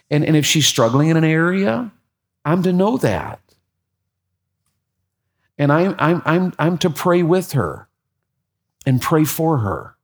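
A middle-aged man preaching a sermon, telling a personal story with lively repeats and sudden rises in his voice. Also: fairly high pitch. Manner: animated storytelling, repeats words, voice jumps up when excited. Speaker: pastor.

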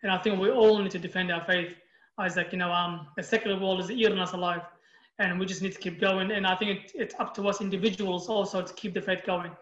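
A man's voice: high-pitched, steady tone, fast talker, fairly bright tone, reverberant, lo-fi sound. A man born in Iraq, a youth group leader, talking as a guest in an emphatic, passionate way and often quoting himself. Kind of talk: casual interview storytelling.

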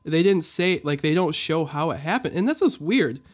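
Playful higher-voiced man co-hosting. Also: expressive, normal speed. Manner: rambling, playful, laughs often. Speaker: podcast co-host. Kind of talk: casual chat, reading a news article.

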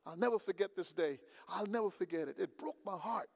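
A man preaching a sermon in a conversational way, swinging from quiet storytelling to loud emphasis. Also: high voice, fairly quick, gravelly, husky. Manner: conversational, swings from quiet to shouting, acts out dialogues. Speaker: pastor.

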